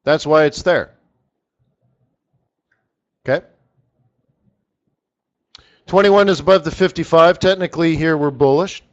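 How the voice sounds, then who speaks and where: A chatty, animated man hosts a live teaching stream and talks straight to his viewers by name. His voice sits a little higher than most men's. The audio is slightly dull and lo-fi. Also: unhurried, pauses often. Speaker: trading strategist hosting a live session.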